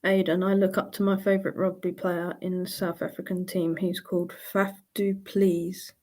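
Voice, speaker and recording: A woman's voice: lowish voice, level tone, normal speed, dark tone. A woman hosting a casual live Q&A, chatty and laughing often as she reads out viewer questions. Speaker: livestream host answering viewer questions.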